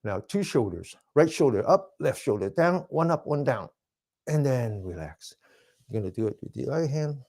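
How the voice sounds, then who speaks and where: Male instructor, mellow voice, calm step-by-step cues, whispers breathing lines. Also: mid-range voice, normal speed. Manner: drops to a soft whisper for breathing phrases. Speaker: mindfulness exercise instructor. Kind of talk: guided movement and breathing class.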